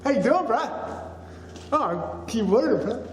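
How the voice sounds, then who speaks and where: A man doing a high drawling skater-bro ghost. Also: sing-song, measured pace, lo-fi sound, exaggerated voice. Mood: mellow slacker. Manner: drawling, says "bro" constantly. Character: laid-back male skater-bro ghost. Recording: echoey hall with faint noise.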